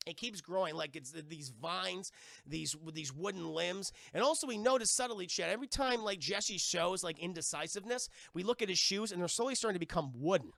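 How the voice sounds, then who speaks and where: A man's voice: sits high, brisk, creaky, a bit bright, no room sound, clean studio sound. A man giving a rambling, casual scene-by-scene recap of a cartoon on a live stream, full of "like" and "you know" and swearing. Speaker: cartoon reviewer streaming to chat.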